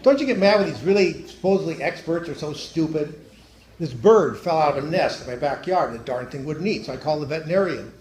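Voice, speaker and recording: A middle-aged man doing stand-up at a church, telling joke stories with deadpan delivery and punchlines that drop low and quiet. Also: quick pace. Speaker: stand-up comedian. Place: church hall. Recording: echoey hall, faint noise.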